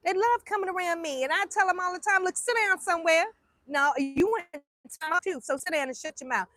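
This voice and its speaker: Lively, high-voiced older woman. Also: fairly quick, dry recording, clean studio sound. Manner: animated, acts out the quoted voices. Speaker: grandmother telling stories. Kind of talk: casual storytelling chat.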